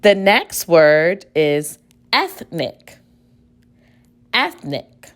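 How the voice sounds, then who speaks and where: A woman teacher giving a spelling dictation lesson, speaking deliberately, repeating each word and spelling it out letter by letter. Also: on the low side, sing-song.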